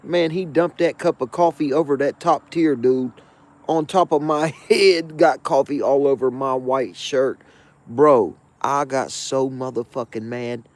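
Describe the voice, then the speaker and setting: A man hosting his own show, telling a jail story in a profane, slangy, animated way with frequent asides. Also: mid-range voice, a little slow. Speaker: show host. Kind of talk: casual storytelling of a jail anecdote.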